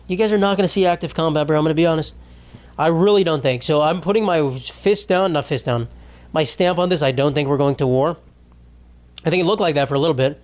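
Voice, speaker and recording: A young adult man hosting a podcast, rambling in a crude, sarcastic comedic monologue. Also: a little high. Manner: crude, sarcastic, rambling with mocking put-on voices. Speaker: podcast host.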